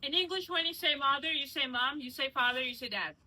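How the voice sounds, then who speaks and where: A woman's voice: sits high, a little fast, pushed and bright, poor audio. A woman from Georgia, a native Georgian speaker, guiding a walking tour outdoors and explaining her language in a playful, teasing way with many examples. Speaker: tour guide. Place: outdoors in old city streets.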